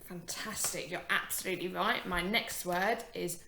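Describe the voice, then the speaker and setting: A young woman teacher giving a phonics lesson to young children, encouraging and sounding out words slowly. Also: fairly low pitch, vocal fry, pushed and bright, echoey room.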